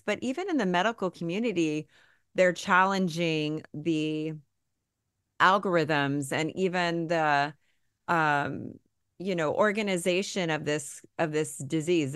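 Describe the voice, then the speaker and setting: A woman hosts a podcast interview in a very low voice, recorded dry with no room sound. She talks reflectively, rambling with fillers. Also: clear, resonant tone, dry recording. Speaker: podcast host. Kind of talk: conversational interview.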